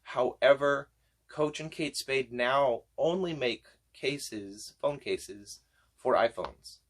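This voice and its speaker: A man chatting to camera as he shows off a shopping haul, enthusiastic and gushing, his voice getting hoarse. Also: medium pitch, slow. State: voice going hoarse. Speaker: vlogger showing a shopping haul. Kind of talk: casual chat to camera.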